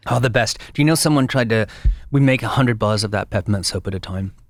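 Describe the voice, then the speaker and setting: A man guest and brand founder in a casual interview, an animated storyteller with frequent restarts. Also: lowish voice, fast talker, no room sound, clean studio sound.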